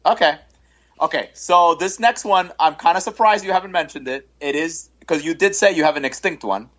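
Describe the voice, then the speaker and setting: A man's voice: on the high side, normal speed, a bit bright. A man who is a guest on a podcast, chatting in an easygoing way and often repeating words. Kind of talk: casual chat.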